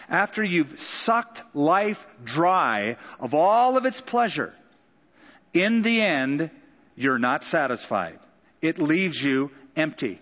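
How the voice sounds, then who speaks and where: A man preaching a sermon, talking to his congregation conversationally and slipping into dramatic voices for quotations. His voice sits a little higher than most men's. It is recorded with a long reverb tail and a dull, lo-fi tone. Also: fairly bright tone. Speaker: pastor.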